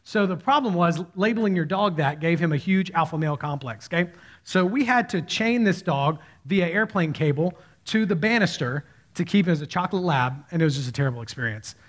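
Speaking fairly quickly in a slightly high voice, a pastor in his thirties delivers a sermon. He tells stories in a conversational way, animating each quoted voice.

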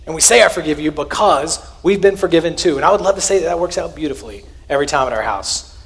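A man, preaching a sermon. He talks to his congregation in a conversational, earnest way, with a slightly high voice that jumps up for emphasis and drops for quiet asides. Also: expressive, fast. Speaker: pastor.

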